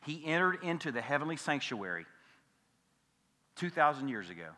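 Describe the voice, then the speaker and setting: A man preaching a sermon as pastor, emphatic, swinging between loud and hushed and repeating key phrases. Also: fairly high pitch, sing-song, moderate pace, long reverb tail. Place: church sanctuary.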